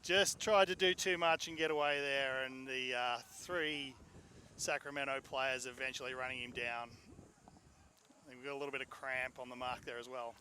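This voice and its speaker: A man giving measured analysis as the second voice in a live football commentary. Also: medium pitch, fairly even intonation, pushed and bright, smooth. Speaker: color commentator.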